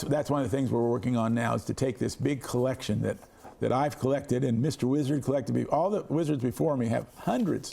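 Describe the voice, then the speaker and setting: An older man from Kansas, a science educator, telling lively anecdotes in an interview and acting out the voices of other people. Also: mid-range voice, gravelly, breathy edge. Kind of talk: storytelling in a retrospective interview.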